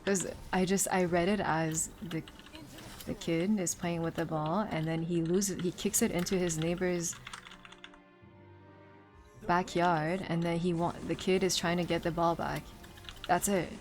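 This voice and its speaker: Woman w/ as chatting on stream, rambly and laughy, kinda low voice, soft music + typing. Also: fairly even intonation, a little slow, long pauses. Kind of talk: casual chat while gaming.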